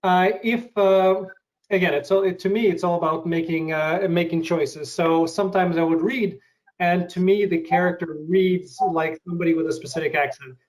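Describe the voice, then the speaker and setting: Guy hosting an interview, kinda high voice, thinks out loud, lots of uh's. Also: fairly even intonation, low-quality recording. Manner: thoughtful, halting, many fillers. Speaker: interview host. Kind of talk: casual interview.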